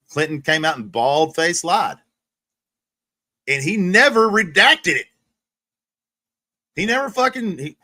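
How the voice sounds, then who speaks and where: A fired-up man on a livestream, swearing constantly and circling back over his own sentences as he rants. His voice sits a bit high, and the sound is close and dry. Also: sharp tone, no echo. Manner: profane, heated, repeats himself with restarts. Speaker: livestream host. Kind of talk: ranting casual monologue.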